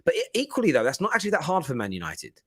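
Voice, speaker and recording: Chatty man, animated football host. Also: on the high side, racing. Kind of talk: casual football chat.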